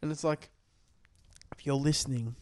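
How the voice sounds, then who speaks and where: A young man co-hosting a podcast, tipsy, loud and rambling, swearing a lot in casual banter. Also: a little high, steady tone, moderate pace, no room sound. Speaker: podcast co-host.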